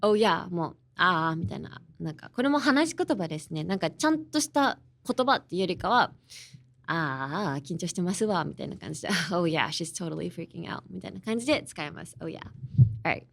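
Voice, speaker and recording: A woman's voice: lowish voice, animated, rapid-fire, creaky, fairly bright tone. A young woman from Los Angeles, teaching a lesson in a chatty way and mixing in Japanese. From Los Angeles, USA. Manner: chatty, easily mixes English and Japanese, explains with examples. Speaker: language teacher and host. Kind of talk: casual podcast language lesson.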